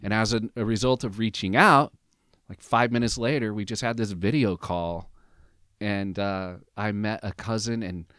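A man in his fifties with a lowish voice, recorded close and dry with no room sound. He is a podcast guest telling a personal story in animated conversation. He leans on "like" and "right?" and acts out other people's lines. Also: normal speed, no echo. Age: 50s. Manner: peppers his talk with "like" and "right?".

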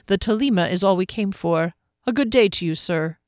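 A woman gives voice to a polite young healer in a storybook who speaks firmly and courteously. The read is dry and close, pitched in a middle range. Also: moderate pace, no echo, close to an everyday voice. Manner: courteous, firm.

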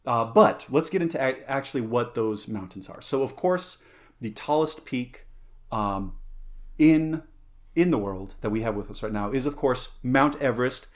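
A man's voice: medium pitch, lively intonation, normal speed. A man hosting a casual podcast chat, playful and rambling, with lots of fillers, self-corrections and side tangents. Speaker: podcast host.

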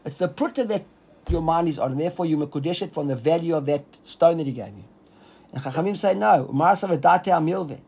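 A man's voice: fairly high pitch, lively intonation, dark tone, breathy edge. A man teaching a Talmud class who reads the text aloud, translates it line by line and keeps checking that his listeners follow. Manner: explains quickly, reads the text aloud and translates it, asks students if they follow.

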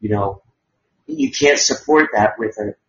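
A man's voice: lowish voice, a little slow, gravelly, a bit bright, slight background noise. A man hosting a podcast, talking in a rambling, sarcastic way and swearing freely. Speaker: podcast host. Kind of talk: casual crude chat. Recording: dull lo-fi audio.

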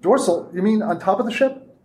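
A woman's voice: medium pitch, animated, brisk, dark tone, voice pushed up, close to an everyday voice. A man reading aloud and voicing a determined woman ship captain who speaks curt and urgent.

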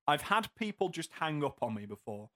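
A man's voice: a little high, very animated, normal speed, a bit bright, no echo, studio quality. A man chatting on a podcast in a crude, teasing way, swearing freely. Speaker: podcast co-host. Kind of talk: casual chat.

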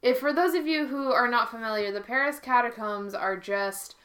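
A woman's voice: on the high side, normal speed, fairly bright tone. A woman co-hosting a casual chat who tells anecdotes and laughs often along the way. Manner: laughs often while telling stories.

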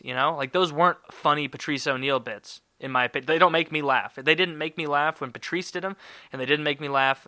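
A man delivering a rambling, sarcastic solo podcast rant full of swearing. His voice is very bright and sharp-edged, and the sound is dry and close. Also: on the high side, no echo. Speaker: podcast host.

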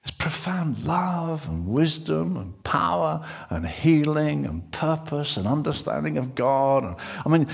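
A middle-aged man preaches with a husky, somewhat high voice that rises and falls in lively swings. His sermon is dramatic, moving from urgent, loud passages to near-whispered ones as he acts out the story. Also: moderate pace, few pauses.

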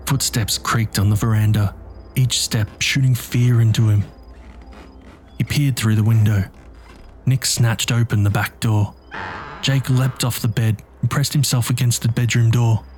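A man narrating a dark story in a tense, measured, scripted delivery. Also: medium pitch, fairly even intonation, a little hiss or hum.

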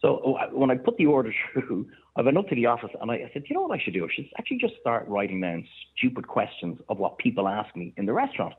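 An Irish man, a chef and restaurateur, telling animated anecdotes in casual chat. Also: mid-range voice, breathy edge. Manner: animated anecdotes, quick bursts of laughter. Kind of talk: casual storytelling on a phone-in. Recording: tinny phone line.

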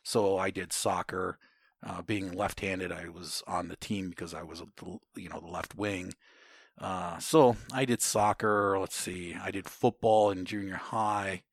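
A middle-aged man telling stories about his Army days in a casual interview, cursing freely and shouting out the drill sergeants' orders. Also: sits low, measured pace, dry recording, studio quality. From Ohio, United States. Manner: profane, animated storytelling, shouts out drill sergeant lines.

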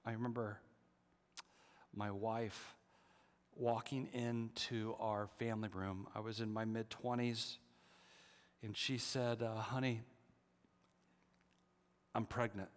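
A middle-aged man preaching a sermon as pastor, moving between hushed, prayerful near-whispers and lively storytelling. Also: lowish voice, slow pace, pauses often. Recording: long hall reverb.

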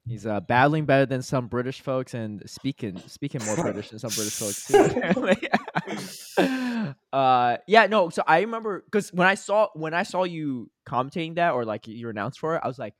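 A man's voice: mid-range voice, expressive, moderate pace, dry recording. A young man co-hosting a podcast, chatting casually and praising his guest in a friendly, reflective way. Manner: friendly, reflective, gives encouraging feedback. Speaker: podcast co-host. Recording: dry close-miked sound.

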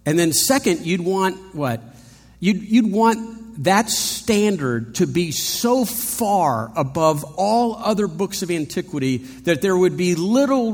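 A man preaching a sermon in a conversational way, asking rhetorical questions and adding playful asides. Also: fairly high pitch. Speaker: pastor. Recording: long reverb of a large hall.

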